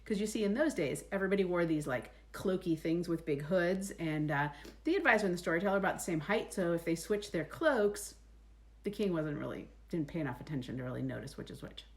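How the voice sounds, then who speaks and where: Woman storyteller, casual folk tale, chatty asides, lively pitch, lowish voice. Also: fairly quick. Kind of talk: oral folk-tale telling.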